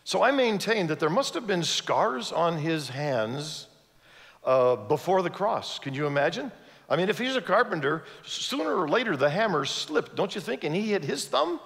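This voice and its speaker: A man who grew up in Ivory Coast, preaching a sermon with animated storytelling and questions to the audience. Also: high-pitched, moderate pace, creaky. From Ivory Coast, West Africa. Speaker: guest preacher. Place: church sanctuary. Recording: long church reverb.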